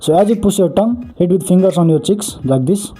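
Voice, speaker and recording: A man with a fairly high voice teaches beatbox sounds step by step. His tone is mellow and soft, and his voice is husky. He explains earnestly, with a lot of repetition. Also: animated, a little fast, soft background music. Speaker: beatbox tutorial host. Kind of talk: step-by-step tutorial.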